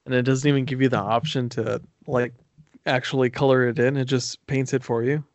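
A man's voice: medium pitch, flat delivery, a little fast, no echo. Laid-back wisecracking man co-host. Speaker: podcast co-host. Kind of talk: casual chat. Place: at home, lying on his back.

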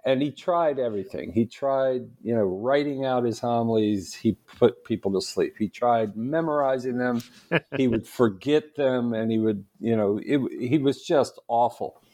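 Animated, laughing male podcast guest. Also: medium pitch, normal speed. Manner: animated storyteller, laughs often. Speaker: guest, Catholic apologist. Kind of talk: casual podcast interview.

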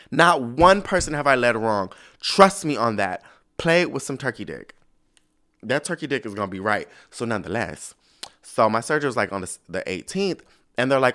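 A man with a medium-pitched, animated, slightly bright voice hosts a podcast full of sassy, gossipy casual chat. He swears freely, calls listeners "girl," and stretches out his exclamations.

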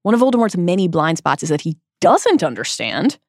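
A woman hosting a podcast, reading a scripted literary analysis in an expressive, emphatic way. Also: on the low side, brisk, dry recording, studio quality. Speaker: podcast host.

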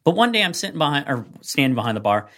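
A man co-hosting a casual podcast chat, telling a long anecdote in a rambling, animated way with lots of fillers. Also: fairly high pitch, fast. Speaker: podcast co-host.

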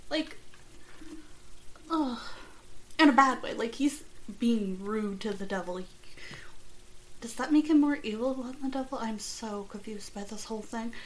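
A woman's voice: a little high, measured pace, long pauses, a little hiss or hum, rough recording. A woman hosting a podcast in casual chat, rambling and chatty with jokey asides. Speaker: podcast host.

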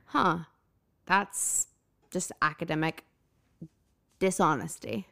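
Woman, podcast co-host, casual chat, smooth clear voice, animated, laughs often. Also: fairly low pitch, takes it slowly. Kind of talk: casual chat recapping a TV episode.

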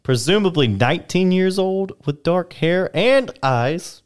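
A man's voice: sits high, lively intonation, a little slow, clear, resonant tone. A young man casually reading old newspaper history on a podcast, with playful asides and the odd put-on voice.

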